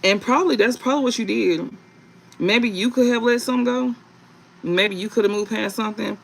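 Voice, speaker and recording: A man giving a casual tarot reading to viewers, rambling and halting with many fillers and restarts, and reading card meanings aloud. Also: high-pitched, vocal fry, rough recording. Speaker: tarot reader.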